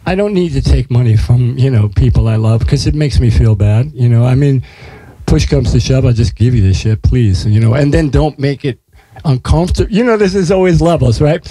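A man's voice: medium pitch, fairly quick, warm tone, husky, no echo, poor audio. A man, telling stories in casual, profane conversation and acting out what people said. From United States. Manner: swears freely, acts out quotes in storytelling. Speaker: artist guest.

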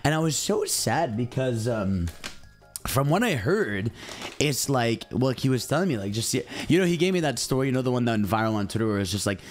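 A man's voice: medium pitch, animated, a little fast. A young adult man streaming, chatting casually and rambling while talking straight to his chat. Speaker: game streamer.

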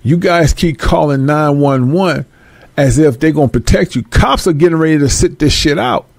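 A man's voice: a little high, normal speed, vocal fry, dry recording. A man delivering a blunt, profane opinion rant to his viewers, emphatic and streetwise. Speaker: vlogger.

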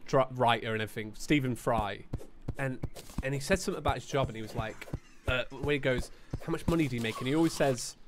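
A British man hosts a live gaming stream with easy, casual chatter. He laughs often and slips into quick voices for people in his stories, at an ordinary middle pitch. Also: background noise. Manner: laughs often, acts out others in quoted asides.

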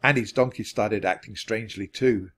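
A man narrating a children's audiobook in an expressive reading voice. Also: moderate pace. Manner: expressive, varied pitch. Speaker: audiobook reader.

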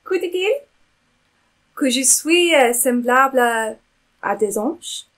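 An actress playing a shy young princess who speaks halting, broken English. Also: female voice, high voice, expressive, fairly bright tone, full character voice, poor audio. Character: French princess Catherine, young, shy and coy. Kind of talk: stage acting, short film.

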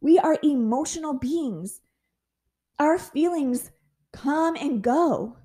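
A woman hosting a faith-based motivational podcast, talking earnestly and encouragingly, acting out her prayers in animated voices and laughing at herself. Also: high-pitched, takes it slowly. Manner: candid and self-mocking, laughs at herself. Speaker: podcast host.

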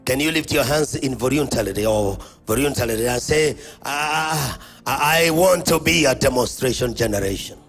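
A man's voice: normal speed, vocal fry, hardly any pauses, fairly bright tone, soft background music. A man with a Kenyan accent preaching at a church conference, calling out to the congregation and leading call-and-response. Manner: booming call-and-response preaching with sudden swings of pitch and volume. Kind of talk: sermon.

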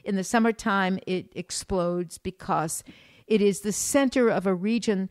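A woman's voice: medium pitch, a little slow, darkish tone, dry recording, clean studio sound. A woman with an American accent, co-hosting a casual travel podcast and explaining things in a teacherly way, with fillers and restarts. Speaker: podcast co-host; former art school teacher.

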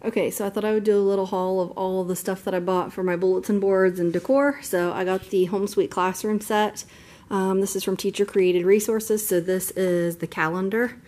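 A woman in her thirties talks in a relaxed, rambling vlog style, full of little fillers. She is filming herself on a handheld camera in her car and then her classroom. A faint noise sits under her voice. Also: mid-range voice. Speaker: second grade teacher. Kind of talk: casual vlog chat.

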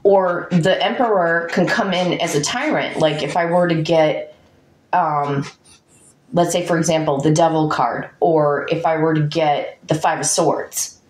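With a low voice, a steady tone, and a measured pace, this tarot reader talks casually to her audience as she thinks aloud about each card. Between cards she chats with her dog. The room sounds echoey.

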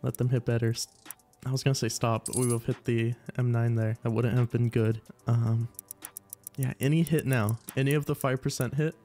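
A congested man giving casual, excitable live commentary while opening cases, swearing often and pleading with the screen. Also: mid-range voice, moderate pace, soft background music. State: congested, stuffy nose. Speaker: gaming video creator.

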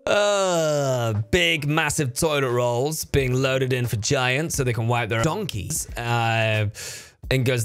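Slow, bright-voiced joking reaction host. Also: male voice, medium pitch, clean tone, faint music behind. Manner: wry, drawn-out jokey delivery.

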